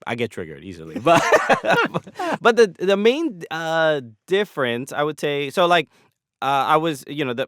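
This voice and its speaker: A man's voice: mid-range voice, fairly bright tone, clear, resonant tone, no room sound, clean studio sound. An American man, a comedian and podcast guest, talking in a rambling casual way with lots of restarts and fillers. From United States.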